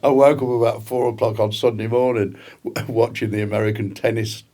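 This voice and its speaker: An older man, a podcast guest, telling rambling anecdotes in casual chat, often clearing his throat and chuckling. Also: medium pitch, steady tone, brisk, warm tone.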